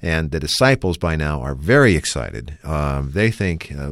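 A man's voice: extremely low pitch, lively intonation, moderate pace, hardly any pauses, no echo, clean studio sound. A man hosting a radio Bible discussion, talking in an earnest, reflective way. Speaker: radio program host.

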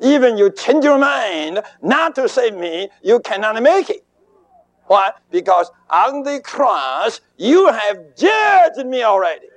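Man, preacher, sermon, high voice, slow, emphatic phrasing. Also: fairly bright tone, no echo.

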